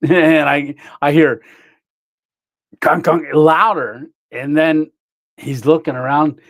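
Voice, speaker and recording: A man's voice: medium pitch, no room sound. A man hosting a casual livestream, rambling through a story with lots of fillers and chuckles while greeting viewers. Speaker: livestream host.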